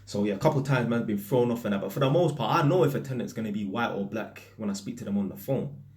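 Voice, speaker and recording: A man with a British accent full of London street slang, an electrician casually telling stories to camera in a lively, anecdotal way. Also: lowish voice, quick pace.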